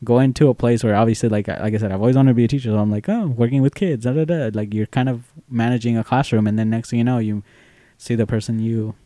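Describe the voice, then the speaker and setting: A young man co-hosting a podcast, telling a story in casual chat, animated and swearing freely as he acts out quoted voices. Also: medium pitch, fast, no room sound, clean studio sound. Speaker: podcast co-host.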